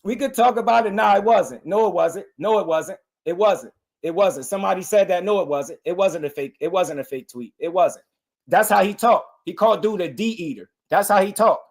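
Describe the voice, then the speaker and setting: This boxing show host speaks in a high pitch with vocal fry, moving fairly quickly as he handles the live chat. Animated and insistent, he says things again and again and calls viewers out.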